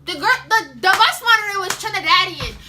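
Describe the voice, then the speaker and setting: A teenage girl telling a story in a casual, animated way, acting out the scenes with sound effects. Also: extremely high pitch, a little fast, a little hiss or hum. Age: teens. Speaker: vlogger.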